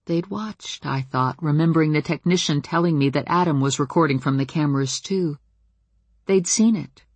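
A woman reads a first-person novel aloud with a measured, dramatic delivery. Her voice has a husky edge. It sits close and dry on a studio mic. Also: deep voice, no room sound. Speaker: audiobook narrator. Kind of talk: first-person fiction narration.

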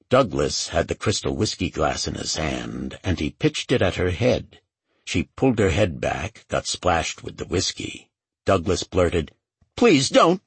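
Brief: male narrator, low and husky, measured thriller reading, dry close sound. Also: no room sound. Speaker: audiobook narrator. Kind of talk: scripted narration.

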